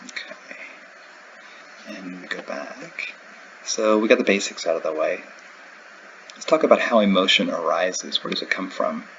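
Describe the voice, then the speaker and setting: A man's voice: deep voice, normal speed, pauses often, fairly bright tone, dull audio, slight background noise. A man teaching a recorded lecture, explaining in a conversational way with everyday examples. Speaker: instructor.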